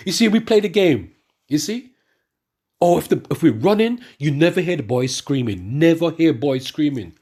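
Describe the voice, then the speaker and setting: A middle-aged man ranting in a monologue and reading scripture to the brethren, animated and repetitive, often stumbling over restarts. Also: on the high side, normal speed, breathy edge. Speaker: religious speaker addressing the brethren.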